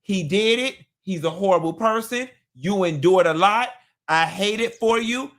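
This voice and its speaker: A man hosting a live gossip talk show, sassy and animated, with sudden squealing jumps in pitch. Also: a little slow. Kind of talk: live-stream gossip commentary.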